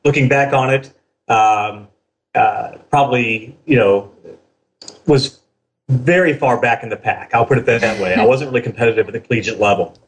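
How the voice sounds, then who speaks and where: A middle-aged man answering as a podcast guest. He speaks in a measured, thoughtful way, filling gaps with frequent "uh"s. His voice sits at an ordinary middle pitch. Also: slight background noise. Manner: measured, many filler pauses. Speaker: race director, interview guest. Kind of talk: casual interview chat.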